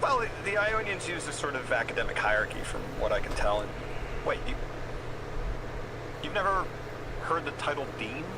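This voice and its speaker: An actor voicing a video game character, delivering scripted dialogue in a measured, explanatory way. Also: male voice, a little high, big pitch swings, very noisy. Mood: calm.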